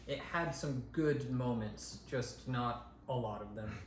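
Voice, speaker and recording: A man's voice: medium pitch, slow pace. A man co-hosting a podcast, giving a casual movie review with lots of ums and restarts. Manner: rambling, many ums and restarts. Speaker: podcast co-host. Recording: echoey room with faint hiss.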